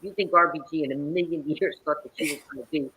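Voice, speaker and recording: A woman who is a guest actress, telling stories in a theatrical, animated way during an interview on a video call. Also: low-pitched, fast, husky, poor audio. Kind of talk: interview conversation.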